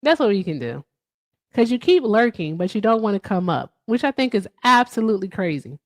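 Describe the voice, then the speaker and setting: A woman hosts a casual livestream and talks straight to her viewers in the comments. Her pitch swings widely as she riffs, and she swears freely. Her voice sounds dry and close, with no room echo. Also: very animated, a little fast. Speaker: livestream host.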